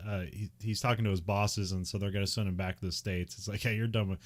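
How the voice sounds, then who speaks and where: A man's voice: sits low, flat delivery, quick pace. A man co-hosting a casual chat, recapping a film with frequent laughs and many fillers. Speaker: podcast co-host.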